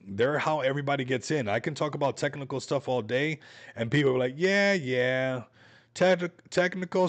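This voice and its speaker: Man, livestream host, casual crypto chat, hyped, rambling, slangy, mid pitch. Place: Las Vegas home.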